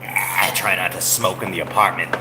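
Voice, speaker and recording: A man's voice: low voice, fairly even intonation, normal speed. A man streaming live from his apartment, rambling in casual chatter and teasing his chat. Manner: rambling, teasing, mock-taunting. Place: apartment room. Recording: echoey room with air-conditioner hum.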